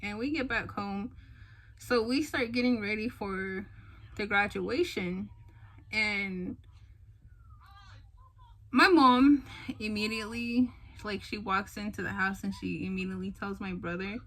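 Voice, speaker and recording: A young woman tells a personal story to her camera in an easy, chatty way. She is animated and jumps into other people's lines as she goes, with plenty of fillers. Her voice sits at an ordinary middle pitch. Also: measured pace, long pauses, rough recording. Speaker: vlogger. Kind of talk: casual storytelling.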